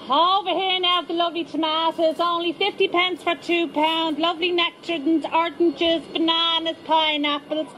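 A woman's voice: sits high, expressive, moderate pace, slight background noise, rough recording. A woman playing a chatty, nosy Dublin market stall trader in a radio comedy sketch, with a Dublin accent. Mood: hawking.

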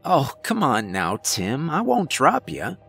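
A man's voice: medium pitch, wildly swooping pitch, takes it slowly, vocal fry, pushed and bright, slightly rough, faint music behind, heavily acted. A man voicing a pale, long-limbed male creature in a horror story, mocking in a sing-song way. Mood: taunting.

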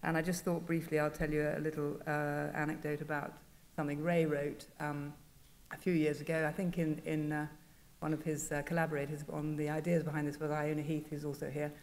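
A woman, a journal editor on a conference panel, telling anecdotes in a halting, self-deprecating way. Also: low voice, flat delivery, a little mellow. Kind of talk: panel talk. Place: conference hall. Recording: reverberant conference hall.

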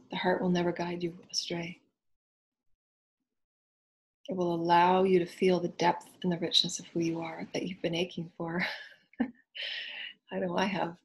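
A woman with a low, breathy voice leads an inspirational spiritual talk. She speaks in earnest, flowing phrases and keeps returning to gentle repeated affirmations, sometimes dropping to a whisper. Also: level tone, brisk. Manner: soft, repetitive affirmations. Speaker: spiritual teacher.

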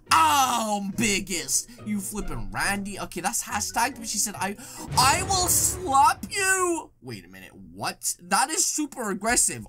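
A woman giving excitable gaming commentary, reacting with dramatic exclamations. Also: on the high side. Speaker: gaming YouTuber.

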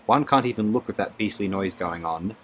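A man's voice: on the low side, expressive, brisk, a bit bright, a little hiss or hum. A man reading an audiobook, voicing a gloomy, brooding young man who grumbles and speaks with earnest intensity.

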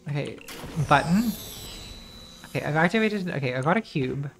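A woman's voice: sits low, animated, moderate pace, a little hiss or hum. A woman streamer giving casual, rambling commentary while playing a game, distracted and swearing as she talks to herself.

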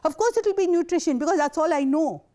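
A woman's voice: extremely high pitch, quick pace, mellow. An older woman, giving a passionate, indignant conference talk. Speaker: invited speaker.

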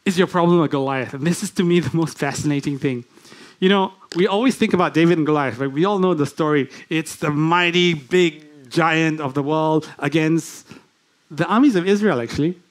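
Higher-voiced man preaching a sermon. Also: brisk. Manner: conversational, asks the congregation many questions. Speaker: guest preacher. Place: church.

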